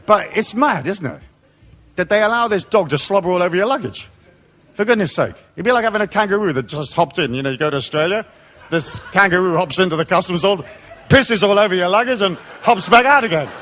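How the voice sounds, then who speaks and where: A man's voice: high-pitched, expressive, fairly quick, fairly bright tone. A man raised in Africa, giving a live seminar in an irreverent, profane, sardonic comic style. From raised in Africa, born in England. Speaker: seminar speaker. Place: live audience hall.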